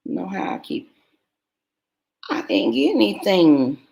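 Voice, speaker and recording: A middle-aged woman hosting a YouTube live stream speaks slowly in a mid-range, creaky, dark voice with big pitch swings. She chats casually with her viewers and rambles through stories full of fillers.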